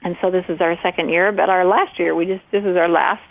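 A woman's voice: on the low side, fairly even intonation, fast, creaky, dry recording. A woman co-hosting a radio talk show, chatting with enthusiasm and easy laughter. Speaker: radio co-host. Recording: phone-like lo-fi radio audio.

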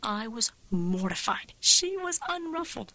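Woman storyteller, bright high voice, dry close sound. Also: measured pace, no echo, poor audio. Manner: wry, vivid, expressive. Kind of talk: scripted story narration.

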